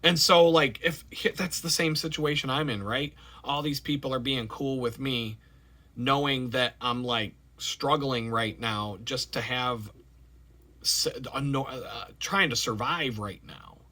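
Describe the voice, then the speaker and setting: A man vlogging in a rambling, animated personal monologue with many fillers. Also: medium pitch, measured pace.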